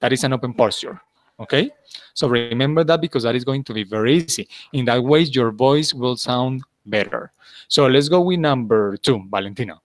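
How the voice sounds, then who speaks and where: A man's voice: mid-range voice, normal speed, dry recording. A man teaching an English class, patiently repeating his instructions and checking in with his students.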